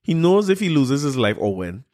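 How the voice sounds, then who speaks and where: A man's voice: medium pitch, very animated, moderate pace, darkish tone. A man, mocking a news article he reads aloud, incredulous and laughing at it. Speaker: commentator reacting to a news article. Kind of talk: mocking commentary on a news story.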